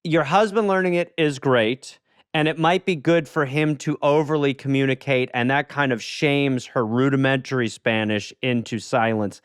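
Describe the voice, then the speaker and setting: A man co-hosting a comedy advice podcast, riffing quickly and giving advice to a caller. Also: mid-range voice, fairly even intonation, smooth, no room sound, studio quality. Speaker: podcast co-host. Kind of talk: comedic casual chat.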